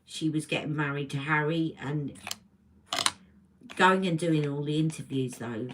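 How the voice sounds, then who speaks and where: A woman's voice: low voice, a little slow, a little hiss or hum, low-quality recording. A British woman hosting a casual makeup livestream from home, chatting and rambling as she greets viewers. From Britain. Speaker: beauty livestream host. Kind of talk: casual live makeup chat. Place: home room. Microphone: livestream camera mic.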